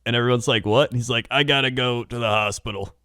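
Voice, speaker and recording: Man, podcast co-host, mid-pitched voice, rambling, laughs a lot, dry close sound. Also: steady tone, quick pace, bright, forceful tone, clean tone, dry recording. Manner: rambling storyteller, laughs often, acts out quotes. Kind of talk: casual chat.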